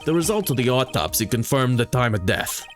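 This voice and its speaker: A man voicing a gruff, bumbling male police detective who keeps adding "sir", over faint music. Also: medium pitch, sing-song, a little fast, close to an everyday voice. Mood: earnest.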